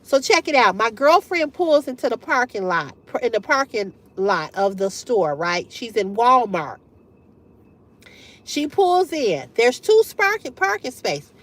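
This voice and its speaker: A middle-aged woman hosting a livestream, telling a story to her chat in a candid, profane, animated way and laughing often. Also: on the high side, unhurried. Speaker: livestream host. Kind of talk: casual storytelling to live chat.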